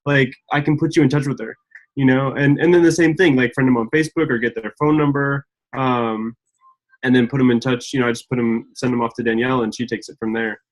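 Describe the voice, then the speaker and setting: A man guest on a video call, talking in a relaxed, earnest way with many fillers like "like" and "you know". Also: medium pitch, fast, rough recording. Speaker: guest, husband of a distributor. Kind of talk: casual video call interview.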